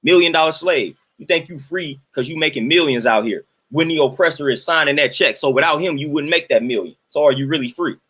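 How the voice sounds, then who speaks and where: A man's voice: on the high side, quick pace, few pauses, fairly bright tone, breathy edge. A man, giving an emphatic, repetitive, sermon-like monologue on his livestream. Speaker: livestream host.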